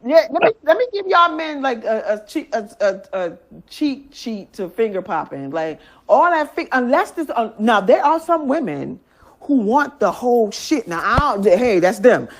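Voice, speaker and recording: Michigan lady, blunt and cussing a lot, kinda high voice, laughs a bunch. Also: very animated, moderate pace. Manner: blunt, profane, laughs often. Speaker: interview guest. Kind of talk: candid casual chat.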